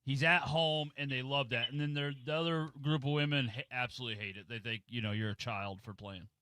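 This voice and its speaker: A man's voice: mid-range voice, a little fast, bright, forceful tone, clear, resonant tone, dry recording. A man co-hosting a comedic radio show, teasing and trading wry comebacks in casual banter. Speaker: radio co-host. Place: radio studio. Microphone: studio microphone.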